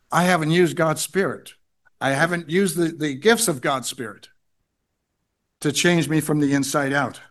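A man delivering a sermon in a slightly raised pitch. He reads verses aloud and repeats his key phrases to press the point. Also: fairly bright tone. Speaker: pastor.

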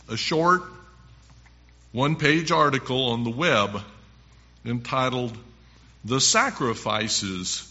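A man preaching a sermon, reading scripture verses slowly with strong emphasis. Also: medium pitch, bright, forceful tone, muffled recording.

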